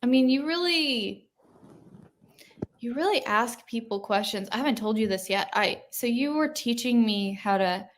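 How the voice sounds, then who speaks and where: Female interviewer, higher voice, animated, laughs a lot. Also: moderate pace. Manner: animated, laughs often, enthusiastic. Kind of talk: casual conversation.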